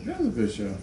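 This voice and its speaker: A man chiming in on a casual audio commentary with brief dry remarks and prompts. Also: medium pitch. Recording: distant from the mic in an echoey room with noise.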